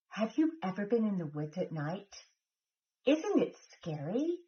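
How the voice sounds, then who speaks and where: A woman reading a picture book aloud to children, animated and asking them questions, recorded on a phone in lo-fi sound. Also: on the high side, slow pace. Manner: animated, asks listeners questions.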